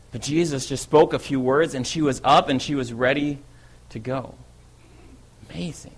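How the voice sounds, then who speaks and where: A man performs a first-person dramatic monologue as an eager, bold apostle who was a fisherman. His voice is natural and medium in pitch, and he tells the story loosely and conversationally, often checking in with a quick "right?"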